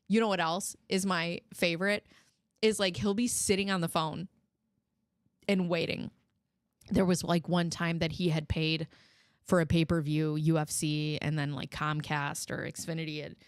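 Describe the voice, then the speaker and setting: A woman chatting casually as a show host, telling lively stories. She jumps into high, loud impressions of other people and swears without a second thought. The sound is dry and close, with no room echo. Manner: animated storytelling, mimics people in raised voices, swears freely. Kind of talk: casual chat.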